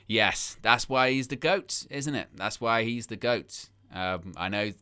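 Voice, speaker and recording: Bright, crisp-voiced man, passionate live host. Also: mid-range voice, measured pace, few pauses. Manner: passionate and emphatic, repeats phrases for effect; reads out and answers viewer chat comments. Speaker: host of a live wrestling watch-along stream. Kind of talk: casual live-stream chat.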